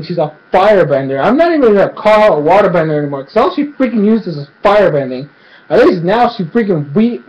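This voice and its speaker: A man giving an excited, rambling casual recap as a show reviewer, filling his speech with "freaking" and "like". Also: sits high. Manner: rambling, excitable, fills speech with 'freaking' and 'like'. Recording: dull lo-fi recording.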